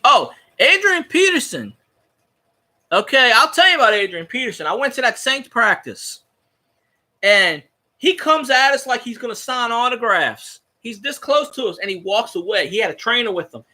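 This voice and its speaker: A man talks through a casual sports podcast, rambling and cursing like an excited fan. His voice sits high and swoops widely, with a very bright, sharp edge. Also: normal speed. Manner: rambling, profane, animated fan talk. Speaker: podcast host.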